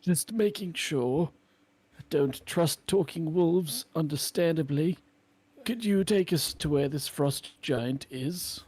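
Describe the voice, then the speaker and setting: A man's voice: on the high side, takes it slowly, a little mellow, breathy edge, voice pushed up. A man voicing a blunt, distrustful adventurer who speaks curtly. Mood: wary. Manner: curt, distrustful.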